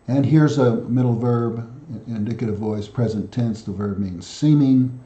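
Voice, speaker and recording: Man, lowish mellow voice, patient step-by-step grammar walkthrough, letter-by-letter, roomy muffled home recording. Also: steady tone. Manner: methodical, spells out letters one by one with frequent pauses. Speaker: self-taught Greek lesson presenter. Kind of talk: spoken grammar lesson.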